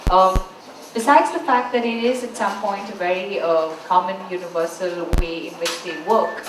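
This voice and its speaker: A woman moderating a book launch, asking questions hesitantly with lots of fillers. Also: fairly low pitch. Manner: hesitant, many fillers and restarts. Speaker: event moderator. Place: bookstore event space. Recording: echoey room, far from mic, background noise.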